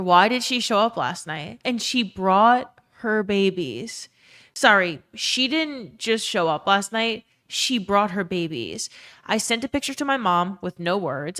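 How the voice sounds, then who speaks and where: This live streamer speaks at a medium pitch with a fairly bright tone. Chatting casually, she replies to her audience and recounts a tender story, peppered with "um," "like," and occasional swearing.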